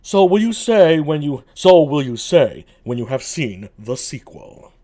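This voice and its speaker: Mopey male villain, man voicing, solo play reading, animated pitch. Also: measured pace. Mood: mopey scheming. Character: mopey sulking male villain, sighing and gloomy.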